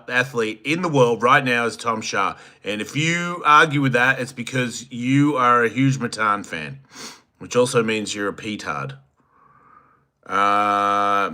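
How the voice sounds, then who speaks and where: Reading out the live chat, this Australian-accented host in his fifties keeps things casual and jokes crudely with his viewers. He speaks in a mid-range voice with a bright, forceful tone.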